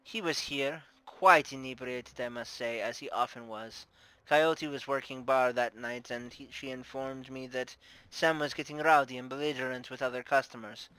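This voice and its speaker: A man gives voice to a shrewd, playful, middle-aged madam in a tabletop game, gracious and formally teasing as she runs her house, using a put-on Russian accent. He uses his natural mid-range voice, steady, smooth, pushed and bright, at normal speed. The recording is low quality without echo.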